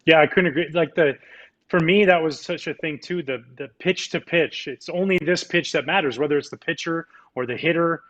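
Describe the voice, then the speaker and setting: A man's voice: fairly high pitch, a little fast, a bit bright, lo-fi sound. A man hosting a casual interview, asking long, eager questions about baseball. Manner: enthusiastic, long wandering questions. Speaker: interviewer, host.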